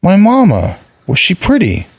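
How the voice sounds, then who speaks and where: A man voicing a boastful, bloodthirsty little boy god, in a shrill, whiny, excitable voice. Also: moderate pace, creaky, breathy edge, full character voice. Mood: eager.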